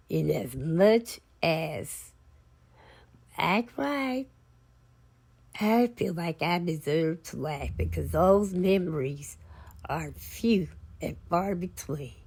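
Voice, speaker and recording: A woman tells family stories straight to her camera, slow and unhurried. Her voice is husky and sits a little low, with a folksy, heartfelt warmth in how she talks. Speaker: vlogger and author. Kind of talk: casual storytelling to camera.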